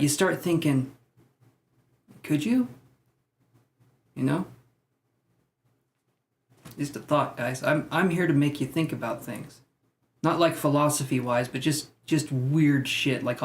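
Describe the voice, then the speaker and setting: A man's voice: medium pitch, moderate pace. A man giving tarot readings on a live stream, chatting loosely and joking with viewers between cards. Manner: loose and jokey, rambling asides to viewers. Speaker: tarot reader.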